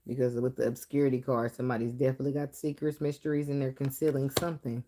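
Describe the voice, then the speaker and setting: A woman's voice: rumbling low, flat delivery, fast talker, noisy background. A woman doing a casual tarot reading, talking bluntly with plenty of swearing and frequent laughter. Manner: blunt, profane, laughs often. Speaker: tarot reader.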